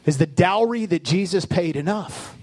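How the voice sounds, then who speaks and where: A male pastor preaching a sermon with passion, building up and then dropping into soft, low asides. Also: lively intonation, moderate pace. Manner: impassioned preaching with sudden soft, low drops.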